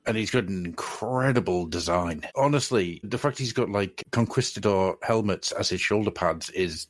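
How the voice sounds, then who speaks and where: A man co-hosts a podcast in casual, enthusiastic chat and laughs often. His voice is low, and the recording is dry and close. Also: no echo. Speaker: podcast co-host.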